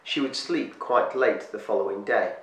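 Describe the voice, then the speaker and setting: A man reading a storybook aloud as storyteller, slowing and hushing his voice for eerie moments. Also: lowish voice. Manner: slows and hushes for eerie moments. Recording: echoey room, distant mic, faint hiss.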